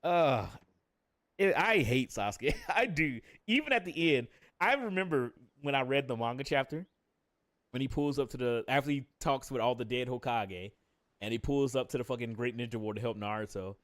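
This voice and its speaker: A man's voice: medium pitch, normal speed, fairly bright tone, dry recording, clean studio sound. A man ranting casually on a live stream, swearing constantly, laughing often and jumping into quoted character voices.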